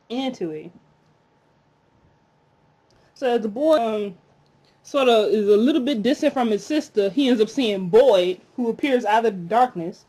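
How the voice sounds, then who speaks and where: A woman casually recaps a TV episode, chatty and prone to indignant rants. Her voice is fairly high with a darkish tone, captured in a slightly dull lo-fi recording.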